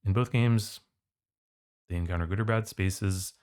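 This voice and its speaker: A man's voice: low-pitched, measured pace, a little mellow, clean tone. A man tutoring for the SAT, walking through test questions in a casual, conversational way. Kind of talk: test prep walkthrough.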